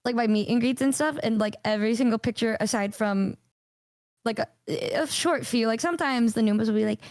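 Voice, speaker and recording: A woman streamer chatting casually with a friend, animated and playful, with frequent swearing. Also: on the high side, fairly quick, no room sound, studio quality.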